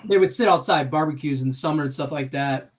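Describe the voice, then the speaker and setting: A man's voice: a little high, fast. A man hosting a casual live stream chat, rambling and chatty, often laughing as he tells stories. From Detroit, Michigan. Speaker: host.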